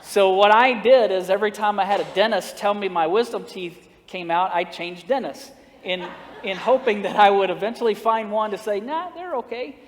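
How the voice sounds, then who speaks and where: A man's voice: sits high, steady tone, moderate pace, some chatter behind, slight background noise. A man preaching a storytelling sermon, folksy and humorous, acting out the dialogue of his story. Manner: folksy, humorous, acts out dialogue, laughs at own jokes. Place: church sanctuary. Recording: long reverb of a church sanctuary.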